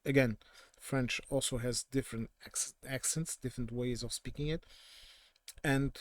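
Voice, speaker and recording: A man's voice: mid-range voice, fairly even intonation, moderate pace. A man from southern Portugal with a Portuguese accent, giving casual, opinionated political commentary in a digressive way and often correcting himself mid-sentence.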